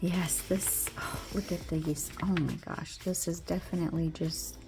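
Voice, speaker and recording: A woman hosting her own channel, unboxing a product with gushing delight, gasps and soft whispered exclamations. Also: fairly low pitch, steady tone, a little slow, music in the background. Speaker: nail polish channel host.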